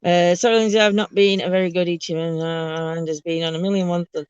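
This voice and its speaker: A woman's voice: lowish voice, level tone, brisk, a little mellow, clean tone, no echo, highs cut off. A woman hosting a casual ghost tour chat from inside a moving car, rambling and laughing, with lots of ums, recorded on a handheld camera. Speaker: host of a ghost tour show.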